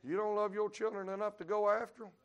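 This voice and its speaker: A male preacher delivering a revival sermon, storytelling in a folksy way and breaking into sudden shouts. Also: high voice, level tone, quick pace, clear, resonant tone, highs cut off. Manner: preaching with sudden shouted peaks and Southern folk sayings.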